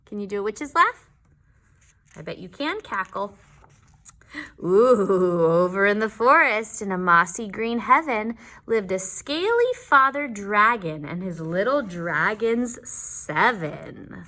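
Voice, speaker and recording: A woman's voice: mid-range voice, expressive, slow pace, bright, forceful tone. A woman teacher reading a picture book aloud to young children, with playful asides between the pages. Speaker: kindergarten teacher.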